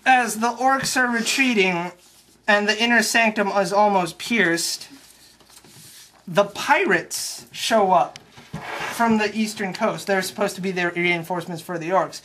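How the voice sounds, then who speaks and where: A young adult giving a crude, sarcastic recap of a film plot, swearing often and rambling with quick restarts. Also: mid-range voice, bright, forceful tone. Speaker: comedic movie recapper. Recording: faint background noise and clicks.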